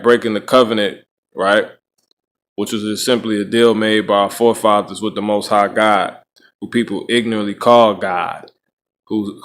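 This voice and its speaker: Male podcast host, lowish voice, loose rambling religious commentary, lots of restarts and tag questions. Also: a bit bright. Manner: repeats and restarts phrases.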